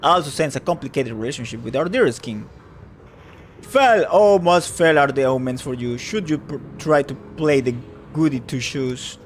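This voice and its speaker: A man's voice: medium pitch, expressive, moderate pace, a little hiss or hum, close to an everyday voice. A man voicing an old woman fortune teller who talks in a grand, flowery, scheming way. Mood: theatrical.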